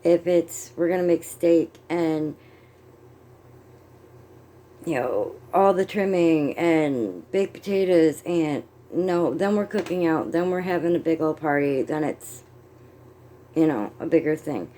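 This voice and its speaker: Chatty middle-aged woman with a mellow voice. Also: low-pitched, measured pace. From United States. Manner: chatty, rambling, self-amused; crocheting while talking, glancing at notes. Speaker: vlogger. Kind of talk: casual chat.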